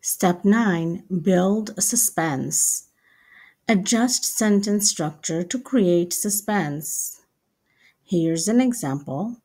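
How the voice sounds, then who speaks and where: A woman teaching English writing step by step, slow and deliberate, repeating each example sentence. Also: lowish voice, creaky, dark tone.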